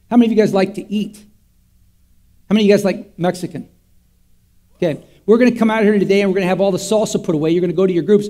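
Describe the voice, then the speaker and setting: Pastor, male, high mellow voice; folksy interactive sermon, quizzes the crowd. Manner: call-and-response, quizzing the congregation; folksy, repetitive, with props. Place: church.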